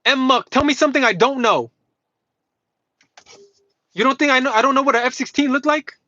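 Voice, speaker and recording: A man with a very high, sharp-edged voice delivers a furious, profanity-laced rant, jabbing and mocking as he repeats his points. He sounds close to the mic in a dead, dry space. The stream audio is dull and somewhat lo-fi. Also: brisk, no room sound. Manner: combative, mocking, swears constantly, repeats himself. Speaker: livestreamer. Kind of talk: heated profane rant to live chat.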